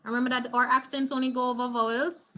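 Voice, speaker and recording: A woman's voice: high voice, level tone, fast talker, bright, forceful tone. A woman with a Jamaican accent leading an online Spanish class, encouraging her students and mixing English with Spanish. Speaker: teacher leading the workshop.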